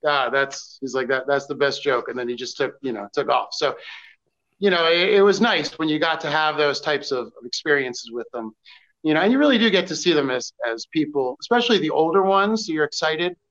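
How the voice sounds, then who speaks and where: A man with a slightly raised voice recalls his paparazzi years in a relaxed chat. He keeps stopping and restarting his sentences, and the recording sounds somewhat dull. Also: on the high side. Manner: halting, many fillers and restarts. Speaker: former paparazzi photographer guest. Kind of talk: casual podcast storytelling.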